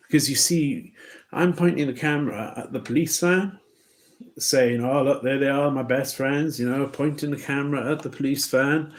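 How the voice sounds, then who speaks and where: A man talking to camera in a loose, rambling monologue, often restarting his sentences. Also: medium pitch. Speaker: vlogger.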